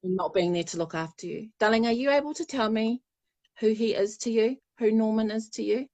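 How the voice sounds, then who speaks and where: A woman's voice: fairly high pitch, fairly quick, darkish tone, no echo. A woman giving a live psychic reading, chatty and affectionate, often laughing. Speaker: spiritual medium.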